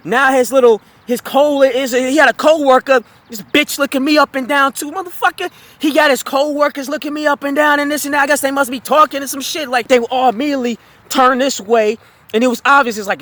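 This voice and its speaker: A man's voice: very high-pitched, fairly even intonation, brisk, fairly bright tone, no echo. A man telling a storytime tale as a heated, profane rant, rambling with fillers and restarts.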